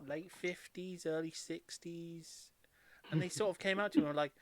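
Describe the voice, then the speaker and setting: A man's voice: fairly high pitch, fairly even intonation, moderate pace, a little hiss or hum. A man running a tabletop game who chats in a rambling way and laughs often. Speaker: dungeon master. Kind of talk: casual chat in a tabletop game stream.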